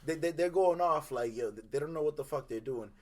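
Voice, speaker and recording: A young man and podcast co-host, telling a story in casual chat. He talks in an animated way, acts out the quotes and laughs along. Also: on the high side, fairly quick, background noise. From Dominican heritage.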